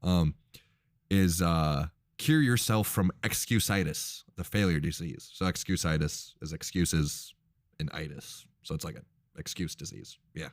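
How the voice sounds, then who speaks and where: A man's voice: sits low, a little slow, no echo, clean studio sound. A man in his twenties co-hosting a podcast in casual chat, rambling with lots of fillers and restarts. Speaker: podcast co-host.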